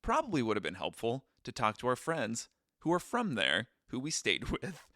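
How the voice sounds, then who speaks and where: A man's voice: medium pitch, huge pitch swings, normal speed, sharp tone, no room sound, studio quality. A man co-hosting a podcast in casual chat, joking and self-deprecating. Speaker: podcast co-host.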